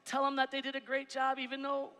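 A male pastor preaching a sermon, animated, swinging between shouts and hushed asides on a church stage. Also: extremely high pitch, quick pace, noisy background. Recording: reverberant church hall.

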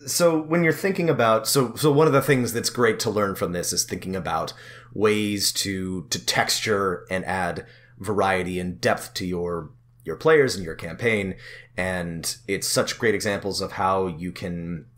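A man with a fairly low voice co-hosts a relaxed podcast conversation about tabletop games. He is chatty, laughs easily and often restarts his sentences mid-thought. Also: a little slow. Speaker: podcast co-host. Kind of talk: casual chat.

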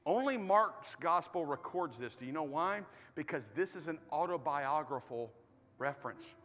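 A man preaching a sermon as pastor, animated, swinging between loud bursts and hushed storytelling. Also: on the high side, moderate pace. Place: large church hall. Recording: reverberant hall with soft music.

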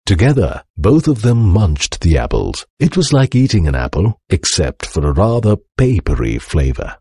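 A man reading a children's storybook aloud with animated, expressive narration. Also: deep voice, moderate pace, breathy edge, no room sound, studio quality. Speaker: storybook reader.

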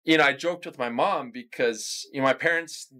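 A man's voice: mid-range voice, moderate pace, bright, forceful tone. A young adult man from California, guest in a casual conversation, talking in a loose chatty way full of fillers. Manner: chatty, lots of "like" and "you know".

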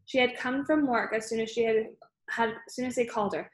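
A woman's voice: fairly high pitch, fairly quick, roomy sound. A woman reading a novel aloud as an amateur audiobook, in a plain, unpolished way. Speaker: reader.

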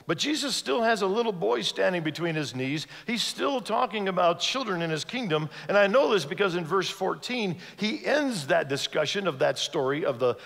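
A man's voice: high voice, lively intonation, normal speed, gravelly, few pauses, fairly bright tone. A man preaching a sermon as a guest speaker, telling a story and acting out the voices of its people. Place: large church sanctuary. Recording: long hall reverb from a church sanctuary.

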